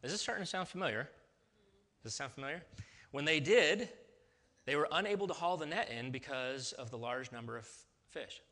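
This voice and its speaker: Bright-voiced man preaching a lively sermon. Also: on the high side, brisk. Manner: lively conversational preaching, checks in with listeners. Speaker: pastor.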